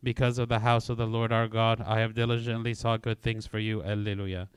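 Man reciting prayers in a flat monotone. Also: fairly low pitch, clear, resonant tone, no echo. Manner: level, measured recitation. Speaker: prayer reader. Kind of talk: liturgical reading and chant.

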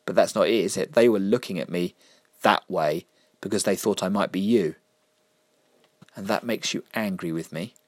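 A man's voice: low voice, moderate pace, long pauses, darkish tone, no echo, clean studio sound. A man reading a story aloud, voicing a guarded, fierce young schoolgirl who speaks bluntly.

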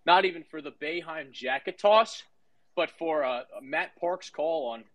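Bright-voiced male host. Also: a little high, measured pace, poor audio. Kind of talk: casual chat.

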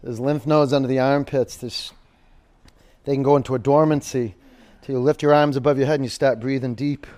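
A man's voice: medium pitch, fairly even intonation, brisk, darkish tone. Chatty man leading a yoga class. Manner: chatty, joking asides between cues. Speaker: yoga instructor. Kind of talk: live yoga class instruction.

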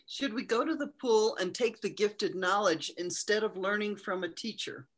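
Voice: medium pitch, normal speed. A moderator reading out questions from listeners in a plain way. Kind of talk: asking questions.

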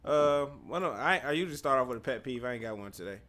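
A man's voice: mid-range voice, expressive, fast talker, fairly bright tone. A man hosting a casual podcast chat, profane and laid-back, laughing often. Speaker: podcast host.

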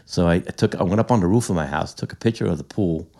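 An older man, a veteran guest, telling stories in a halting, rambling way, his voice cracking a little. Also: deep voice, gravelly, dark tone. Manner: rambling, halting storyteller with many restarts. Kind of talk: conversational interview.

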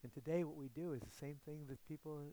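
A man's voice: on the high side, fast talker, warm tone. A man preaching a sermon as pastor, earnest and often asking his listeners questions.

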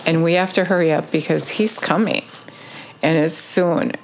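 A woman's voice: low voice, fairly even intonation, normal speed, creaky, a little hiss or hum. A woman giving a casual video sermon, urging listeners in earnest, repetitive phrases with frequent ums. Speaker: online preacher.

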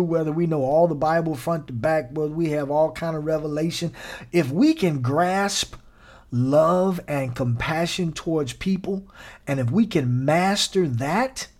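A man hosting a sermon podcast, preaching in an animated, folksy way and talking straight to his listeners. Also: on the high side.

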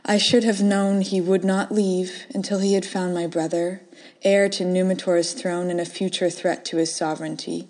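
A woman reading her own first-person short story aloud, soft and measured, dropping to whispers in quiet moments. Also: on the low side, flat delivery.

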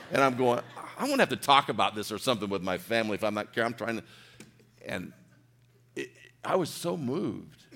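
A middle-aged man preaching a sermon, telling a personal story in an earnest, emotional way, dropping to near whispers and rising to loud peaks. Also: lowish voice, creaky.

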